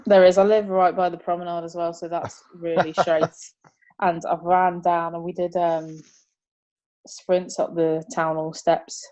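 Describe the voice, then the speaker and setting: A young woman, chatting as an interview guest, upbeat and quick to laugh. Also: lowish voice, level tone, mellow, dull audio. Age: 20s. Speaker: martial arts competitor, interview guest. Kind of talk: casual interview chat.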